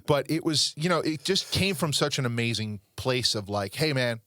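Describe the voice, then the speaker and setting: A man's voice: mid-range voice, animated, moderate pace, a bit bright, dry recording, clean studio sound. Rambling, earnest middle-aged man host. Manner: rambling, earnest storytelling with many restarts. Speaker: podcast host. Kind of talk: casual podcast chat.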